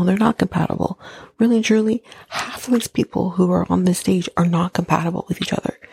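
Husky, gravelly woman, blunt and sarcastic. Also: on the low side, a little mellow, no echo. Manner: blunt, sarcastic, swears freely, often drops to a breathy near-whisper. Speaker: podcast host recapping a reality show. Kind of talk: casual recap monologue.

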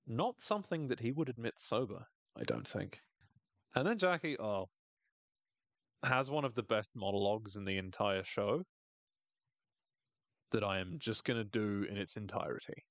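Low-voiced guy doing a sweary casual show recap, dry close sound. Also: normal speed, pauses often, no echo. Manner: irreverent, swears a lot, laughs often. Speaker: podcast host.

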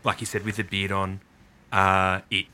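A man hosting a casual podcast, his voice fairly low yet bright and forward. He talks in an easy, relaxed way and picks up speed when keen. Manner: relaxed, slow when calm, speeds up when excited. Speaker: podcast host.

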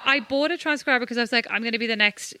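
Bright-voiced woman, rambling chat. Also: fairly high pitch, rapid-fire, dry recording. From Ireland. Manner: rambling, self-mocking, laughs often. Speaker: podcast co-host. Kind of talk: casual chat.

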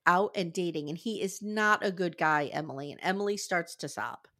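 A woman's voice: on the low side, brisk. A woman co-hosting a casual reality TV recap podcast, swearing freely and acting out quotes. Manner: animated, swearing, acts out quotes. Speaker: podcast co-host.

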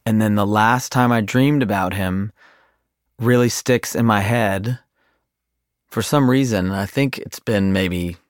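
A man being interviewed, describing a dream in a casual, unhurried way. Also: fairly low pitch, clear, resonant tone, no room sound, studio quality. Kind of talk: reflective personal recollection.

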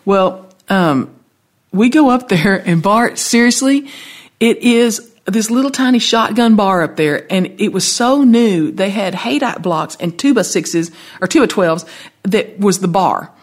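A songwriter with a Southern accent, appearing as an interview guest, tells a long anecdote as an animated storyteller, acting out the voices of the people in it. Her voice is medium-pitched and unhurried.

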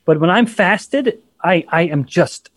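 A man with a fairly high voice speaks on a podcast with emphasis and humor. He gets animated as he makes his points. The sound is dry and close, with no room echo. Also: slow. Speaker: podcast co-host. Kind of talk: casual podcast discussion.

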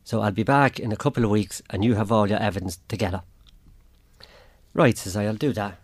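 On radio as an interview guest, an Irish man with a lowish, fairly quick voice tells his own story plainly. He re-enacts what others told him.

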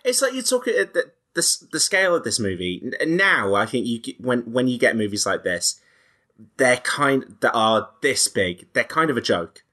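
Bright-voiced man in casual film chat. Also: mid-range voice, normal speed. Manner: animated, acts out quoted lines, frequent restarts. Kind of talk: casual podcast film discussion.

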